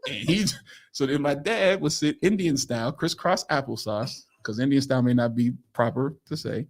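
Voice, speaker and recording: A man's voice: mid-range voice, normal speed. A man co-hosting a casual chat, telling a family story with sound effects and voices and laughing often as he talks. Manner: laughs often while talking. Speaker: podcast co-host.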